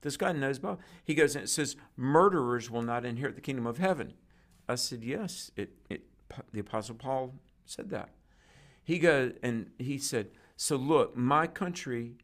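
A man with a gravelly, creaky voice tells a story in conversation. He acts out the dialogue of the people in it as he goes, sounding like a preacher recounting an encounter. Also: mid-range voice. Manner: animated storyteller acting out quoted dialogue. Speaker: guest preacher.

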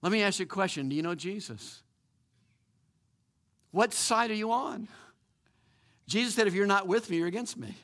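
A male pastor delivers a sermon in a fairly high voice. He preaches with animated emphasis, stumbling over repeated words and restarting his sentences. A chuckle slips in now and then. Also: normal speed, pauses often.

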